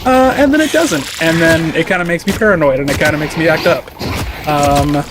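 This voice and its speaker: A man's voice: on the high side, a little fast. Rambling man over a noisy game stream. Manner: loose, rambling, heavy on "like" fillers. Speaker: streamer playing a game while chatting. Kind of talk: casual chat.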